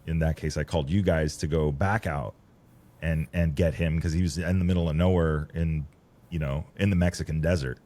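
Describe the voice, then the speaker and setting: Low-voiced man talking in halting restarts. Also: fairly even intonation, dark tone. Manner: rambling, halting with repeated restarts. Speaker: host and rally support coordinator. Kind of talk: casual conversation.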